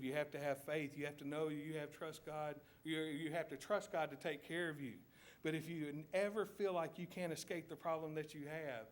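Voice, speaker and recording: Southern preacher telling a vivid story. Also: male voice, a little high. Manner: vivid storytelling, asks listeners to picture scenes. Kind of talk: sermon. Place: church.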